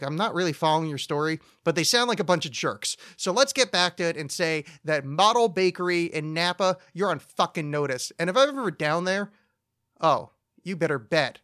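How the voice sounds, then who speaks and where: A man's voice: fairly high pitch, fairly bright tone, no echo, studio quality. A man hosting a solo podcast, rambling through listener questions with profane, mock-outraged rants. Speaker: podcast host. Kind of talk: solo comedic rant podcast.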